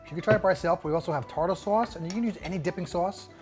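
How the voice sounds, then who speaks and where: A man's voice: high-pitched, rapid-fire, darkish tone, faint music behind. An older man casually talking through a cooking demo, rambling and hesitant, with self-deprecating asides. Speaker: cook on a fishing show.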